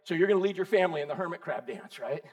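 Man, pastor, high voice, lively sermon, questions to the congregation. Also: very fast. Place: church.

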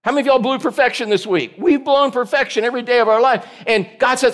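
A man's voice: very high voice, fairly quick. A man preaching a casual, joking sermon to a small group, teasing listeners by name. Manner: jokey, teasing listeners by name, playful asides. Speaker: pastor.

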